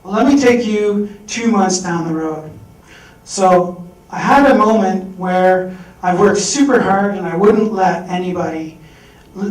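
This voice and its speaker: A young man tells a personal story on stage, earnest and animated, his fairly high voice swelling with feeling. The sound is roomy and echoes, as if the mic sits some way off in a hall. A faint noise runs underneath. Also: far from the mic. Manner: earnest, animated storytelling with strong rises in volume. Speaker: speaker at a fundraising event. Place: event hall.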